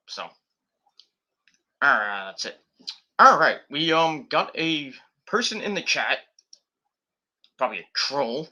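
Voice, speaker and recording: A man's voice: mid-range voice, animated, normal speed, long pauses, pushed and bright. A man casually reviewing wrestling on a live stream, rambling and swearing, with lots of fillers and restarts.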